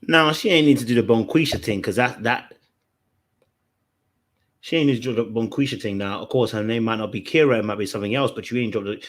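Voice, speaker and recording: A man hosts in casual commentary. His voice sits in an ordinary middle range. He talks in a calm, reassuring way. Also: mid-range voice, fast talker. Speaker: host.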